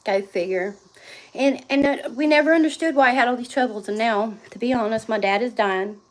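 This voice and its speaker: Chatting brisk and rambly, this middle-aged vlogger laughs a lot while livestreaming from her home and yard, stepping outdoors at times. Her voice runs a little high.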